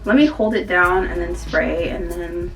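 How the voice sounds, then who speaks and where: A woman's voice: fairly low pitch, a little slow, vocal fry, recorded from a distance, over music. A woman chatting casually to camera as a beauty vlogger, rambling with lots of fillers.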